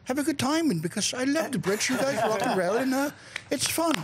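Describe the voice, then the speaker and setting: A man's voice: very high voice, expressive, brisk, a little hiss or hum, pitched above the performer's own voice. A man doing a put-on, exaggerated English accent as a crude, rowdy bloke, talking in a blustering, over-the-top way. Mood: boisterous. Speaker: radio show regular.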